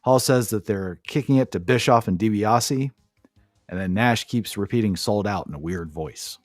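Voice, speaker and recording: A man's voice: on the low side, expressive, moderate pace, no room sound, clean studio sound, faint music behind. A man co-hosting a podcast, giving a sarcastic, profane play-by-play recap in casual chat. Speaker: podcast co-host.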